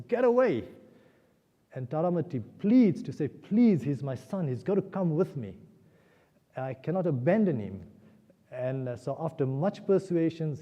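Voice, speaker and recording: Brief: man telling a sacred story at a temple, very dark mellow voice, long hall reverb, muffled. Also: medium pitch. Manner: animated, emotional retelling. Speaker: speaker at a temple celebration. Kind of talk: spiritual discourse storytelling.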